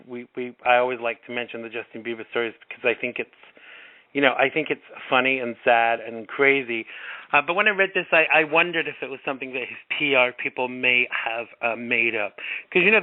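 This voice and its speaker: A man's voice: medium pitch, no room sound. A man hosting a talk radio show, easygoing and joking, stumbling and restarting as he goes. His voice sits mid-range, and the sound is dry and squeezed thin like a phone call. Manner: hesitant, lots of restarts, jokey. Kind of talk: casual talk-radio chat.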